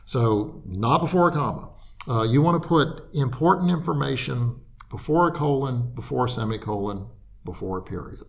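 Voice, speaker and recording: A man's voice: mid-range voice, expressive, normal speed, vocal fry, muffled recording. Patient man explaining writing principles. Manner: patient and explanatory, with fillers and restarts. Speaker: writing expert guest. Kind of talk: explanatory interview talk.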